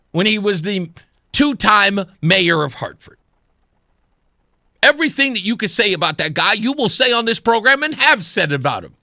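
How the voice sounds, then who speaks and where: A man's voice: sits high, sharp tone, no echo, clean studio sound. A man in his thirties hosting a talk radio show, delivering an opinionated monologue with sarcasm and mimicked voices. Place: radio studio. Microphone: studio microphone.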